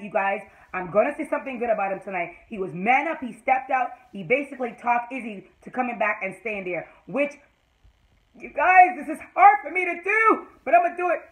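A woman giving an excited, casual recap of a TV episode, swearing freely and breaking into loud squeals of delight. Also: mid-range voice, poor audio. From Jamaica. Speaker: TV episode reviewer.

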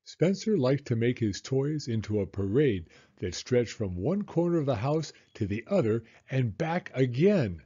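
A man reading a children's picture book aloud with expressive emphasis. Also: mid-range voice, husky, dull audio. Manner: expressive, slow and animated. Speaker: children's storyteller. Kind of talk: read-aloud storybook narration.

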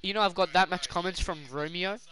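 A young man chats through a game stream, cursing freely and cracking crude jokes. His voice sits a little high and sounds bright and forceful. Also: fairly even intonation, brisk, rough recording. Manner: crude, swearing, laughing banter. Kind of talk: casual gaming stream chat.

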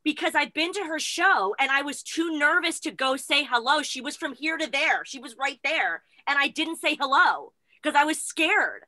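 American woman host, high and bright, excitable fan, dry close sound. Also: normal speed, few pauses, no room sound. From United States. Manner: gushing, flustered fan. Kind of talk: excited casual chat.

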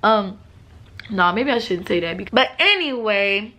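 Young woman vlogger, relaxed and chatty, slightly rough morning voice. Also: medium pitch, normal speed. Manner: relaxed, chatty, laughs often. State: morning voice with a cough. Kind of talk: casual vlog talk to viewers.

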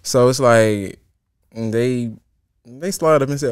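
A young man tells a comic story as host of his own show. He is crude and lively and swings between loud outbursts and quiet asides. His voice sits at a middle pitch and sounds dry and close, with no room echo. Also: slow pace, pauses often, clear, resonant tone. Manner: animated and profane, jumping from loud outbursts to hushed asides. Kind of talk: comedic story time monologue.

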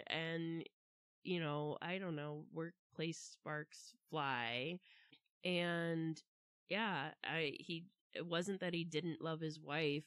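Lady cohost on a podcast, frank and exasperated, lowish voice, dry. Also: no room sound. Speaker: podcast co-host. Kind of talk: casual true-crime podcast chat.

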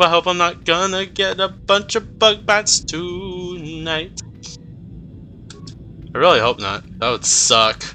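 A man's voice: a little high, bright, forceful tone. A nineteen-year-old man giving goofy, casual commentary while he plays a video game, talking to himself, cheering and groaning. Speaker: let's play gamer.

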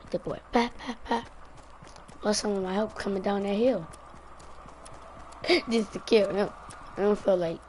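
Woman gamer streaming live on a headset, mid-pitched, teasing and excitable, clear noise underneath. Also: moderate pace, long pauses. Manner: talks to herself and other players, teasing and excitable. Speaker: game streamer. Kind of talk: live gameplay commentary. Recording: steady noise behind the voice.

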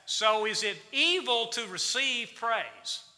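Male church teacher, sharp ringing tone, folksy Bible-study delivery, echoing sanctuary. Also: very high-pitched, animated, slow. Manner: folksy, quizzes the congregation with questions. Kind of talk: Wednesday night Bible study sermon. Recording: reverberant church hall.

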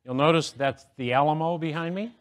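A man's voice: a little high, fairly quick. A middle-aged man giving a humorous, self-deprecating speech to an audience, telling jokes and stories. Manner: joking, self-deprecating storyteller. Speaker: motivational speaker.

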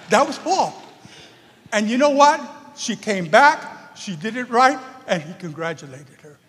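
A man, an acting teacher, giving an emotional and animated memorial speech on a theater stage. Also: high-pitched, normal speed. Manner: animated, emphatic, sings a song. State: emotional, nervous. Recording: echoey theater hall.

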